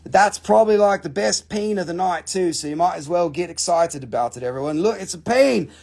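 A man hosting a live crystal sale, joking crudely and playfully while pitching prices. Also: lively intonation, brisk, creaky, few pauses, a little mellow, slightly rough. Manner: crude, playful, prone to silly voices and jokes. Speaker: host selling crystals on a live stream.

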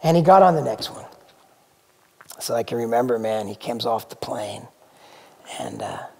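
A middle-aged man, a jazz drummer in a documentary interview, reminiscing in a relaxed, rambling way, full of "you know". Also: medium pitch, moderate pace, gravelly. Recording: long hall reverb.

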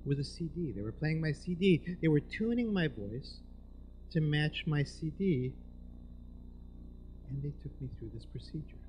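A man telling a personal story in a live storytelling performance, moving between hushed and emphatic delivery. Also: fairly high pitch, lively intonation, normal speed, long pauses, dull audio, a little hiss or hum. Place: live event venue with audience.

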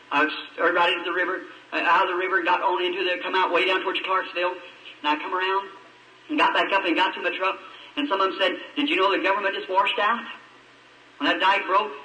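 Bright, high-pitched older-era preacher; storytelling sermon, recorded far off in a roomy hall. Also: male voice. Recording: echoey old radio-style recording from a distance.

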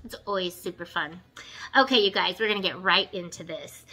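Bright-voiced gushing woman. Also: fairly low pitch, a little fast, slightly rough, low-quality recording. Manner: gushing, excitable, says "you guys" and "y'all". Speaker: beauty vlogger. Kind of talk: casual makeup tutorial chat.

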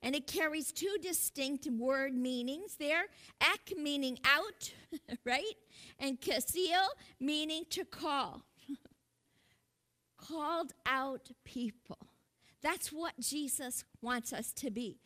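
A woman's voice: high voice, takes it slowly, sharp tone. A woman pastor preaching a sermon in an earnest way, calling out to her congregation and laughing lightly between points.

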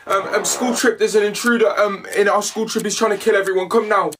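A man's voice: high-pitched, fairly even intonation, fast talker, a bit bright, a little hiss or hum, pitched above the performer's own voice. A man voicing a frantic teenage schoolboy, stammering in panic, over background music. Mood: panicked.

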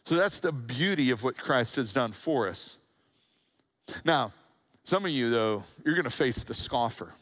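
Animated, joking preacher, man. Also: mid-range voice, measured pace. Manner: animated storytelling preacher, acting out quotes with humor. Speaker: pastor. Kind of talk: sermon.

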